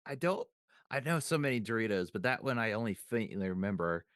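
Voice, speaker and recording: A man's voice: fairly low pitch, expressive, a little fast, fairly bright tone, clean tone, no echo, clean studio sound. A man co-hosting a podcast, chatting casually and recalling old memories aloud with restarts and trailing thoughts. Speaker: podcast co-host. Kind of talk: casual chat.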